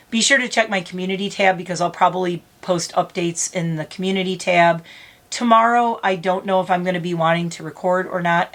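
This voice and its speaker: Woman vlogger, middle-aged, rambling, teary, laughing through emotion, close to crying. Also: mid-range voice. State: close to tears. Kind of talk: emotional casual vlog talk.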